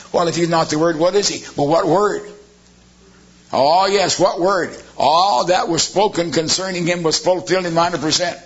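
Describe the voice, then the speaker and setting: A man's voice: fairly high pitch, a bit bright, breathy edge. A man preaching a sermon, firing off rhetorical questions with sarcastic asides. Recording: dull lo-fi sermon recording.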